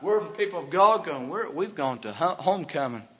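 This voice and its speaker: A man preaches a fervent sermon from the pulpit, swinging from hushed warnings to loud, emphatic outbursts. His voice sits a little high for a man. The church sanctuary adds a long, ringing reverb. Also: lively intonation, a little fast, breathy edge. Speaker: pastor.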